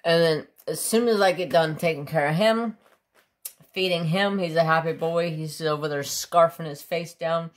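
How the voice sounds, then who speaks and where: A man's voice: on the high side, fairly even intonation, normal speed. A man chatting casually to his viewers as a craft vlogger, rambling about his pets and swearing offhandedly.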